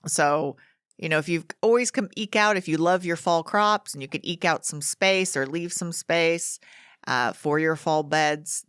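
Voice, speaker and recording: Low-voiced woman rambling casually about her garden, dry close mic. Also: measured pace, a bit bright, smooth, no room sound. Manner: chatty and rambling, with restarts. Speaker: garden show host. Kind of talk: casual podcast chat.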